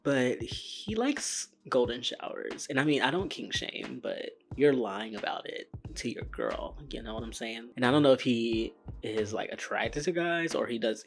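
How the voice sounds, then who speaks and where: A man giving casual reaction commentary on a TV show, chatty, blunt and joking. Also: medium pitch. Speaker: reaction video host.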